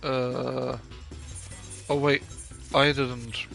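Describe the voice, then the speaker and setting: A man's voice: medium pitch, flat delivery, very slow, gravelly, fairly bright tone, faint music behind. A tired man, yawning and mumbling as he plays a game and trails off mid-sentence. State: sleepy, yawning. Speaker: gamer streamer. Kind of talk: casual let's-play commentary.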